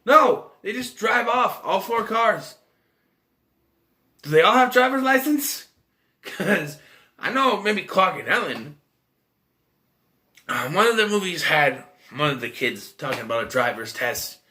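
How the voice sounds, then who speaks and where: A man casually recapping a film plot in a rambling, animated way, acting out his own reactions. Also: high voice, a little slow, long pauses. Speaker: movie reviewer.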